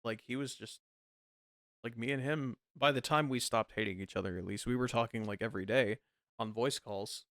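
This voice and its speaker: Laughing, animated young man chatting. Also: mid-range voice, moderate pace, no room sound, studio quality. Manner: animated storytelling, laughs often. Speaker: podcast co-host. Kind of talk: casual chat.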